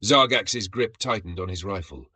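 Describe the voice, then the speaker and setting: Male storyteller, low-ish husky voice, dramatic scripted narration. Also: normal speed, bright, forceful tone, dry recording.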